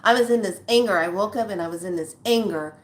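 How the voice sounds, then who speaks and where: Here a woman in her sixties talks fast at a medium pitch. She's a spiritual vlogger casually recounting something from her own life on camera, addressing viewers as "lovelies" in a frank, earthy, gossipy manner.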